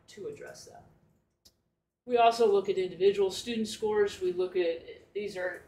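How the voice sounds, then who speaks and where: A man gives a formal presentation to a meeting, explaining each point, rephrasing himself, and posing questions to the room. His voice sits high for a man. He is picked up from a distance in an echoey meeting room. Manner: explanatory, rephrasing and self-correcting, with rhetorical questions. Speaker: school administrator presenting a plan.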